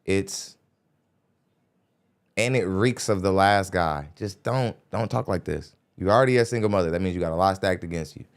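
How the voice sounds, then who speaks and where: A man with a very low, smooth and resonant voice talks into a studio microphone. He hosts a podcast and comments in a blunt, lecturing way. His tone is casual. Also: a little fast, few pauses. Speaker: podcast host reacting to a clip.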